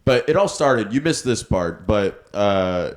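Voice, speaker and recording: A man's voice: on the low side, expressive, measured pace, echoey room. A young man co-hosting a podcast, animatedly telling a story and laughing often. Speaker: podcast co-host. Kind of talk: casual storytelling chat.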